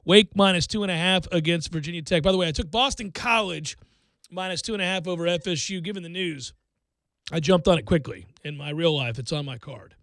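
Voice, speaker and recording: A man hosting a sports radio show, giving betting picks in a joking, animated way. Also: a little high, fairly quick, dry recording. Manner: animated, jokey, breaks into mock singing.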